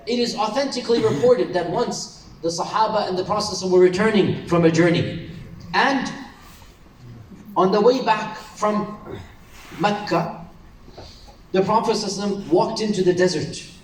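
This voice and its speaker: Male preacher, high voice, impassioned sermon with rhetorical questions, echoey hall, mic set far off. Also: unhurried, long pauses, slight background noise. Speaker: Islamic preacher. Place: lecture hall with audience.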